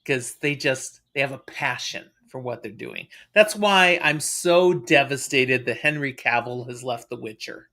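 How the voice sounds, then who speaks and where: A man's voice: medium pitch, unhurried, few pauses, sharp tone. A man co-hosting a live stream, chatting casually and with enthusiasm. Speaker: podcast co-host.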